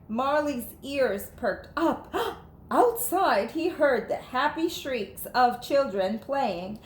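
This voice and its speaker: A woman teacher reading a children's storybook aloud in an animated, playful way. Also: fairly high pitch, a little hiss or hum. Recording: echoey room.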